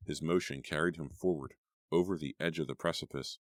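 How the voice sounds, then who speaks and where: A man narrating a horror audiobook in a steady, measured storytelling voice. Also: a bass voice, dry recording, clean studio sound.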